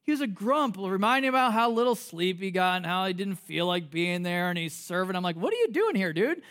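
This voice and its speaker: A man's voice: high voice, a little fast, clear, resonant tone. A man preaching a conversational sermon as pastor. He jokes, asks rhetorical questions, and restarts his sentences a lot. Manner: animated, joking, rhetorical questions; frequent fillers and restarts.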